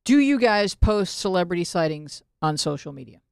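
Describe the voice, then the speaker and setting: A woman's voice: lowish voice, sing-song, normal speed, gravelly, smooth, no room sound, studio quality. A woman hosting a casual talk show, telling stories in a chatty way. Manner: storytelling, chatty. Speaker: host. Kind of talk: casual chat. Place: Los Angeles area.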